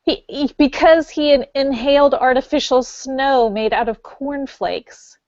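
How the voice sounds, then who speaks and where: A woman's voice: high-pitched, a little slow, a little mellow, dry recording, dull audio. A young woman co-hosting a podcast, curious and asking questions in a casual chat. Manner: curious, asks questions, laughs along. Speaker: podcast co-host.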